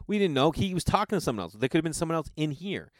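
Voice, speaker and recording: A man hosting a podcast, telling a story in a loose, profane, animated way and acting out the quotes. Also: a little high, very fast, no echo, clean studio sound. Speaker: podcast host. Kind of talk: casual storytelling monologue.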